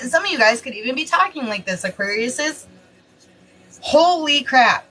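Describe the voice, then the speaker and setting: A woman reading horoscopes in a casual, chatty way, excitable and often exclaiming. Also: high-pitched, normal speed, poor audio. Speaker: tarot reader giving daily horoscopes.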